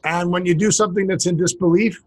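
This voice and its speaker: He co-hosts a relaxed comedy podcast, reading amusing sayings aloud fast in a high, steady-toned voice. Laughter bubbles through, and he often jumps into silly impressions.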